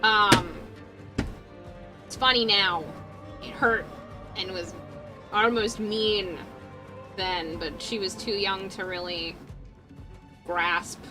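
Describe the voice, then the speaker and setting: A young adult woman livestreaming in casual chat while she works on a cosplay, telling stories, laughing and swearing freely. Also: mid-range voice. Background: music playing.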